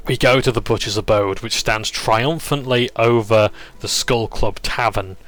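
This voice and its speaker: A man's voice: mid-range voice, a bit bright. A man casually recapping a tabletop campaign session, rambling and chuckling as he goes. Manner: rambling, chuckling, self-interrupting.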